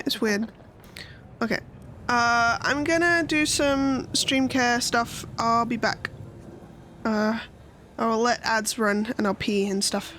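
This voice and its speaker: A woman's voice: a little high, steady tone, slow pace, long pauses, fairly bright tone, slight background noise. A young woman streaming a game, chatting casually and playfully, thinking aloud. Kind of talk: casual live-stream chat.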